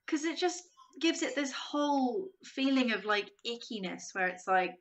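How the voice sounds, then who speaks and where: A woman's voice: on the high side, animated, normal speed, hardly any pauses. A young woman, a podcast guest, chatting casually, acting out quotes and laughing often.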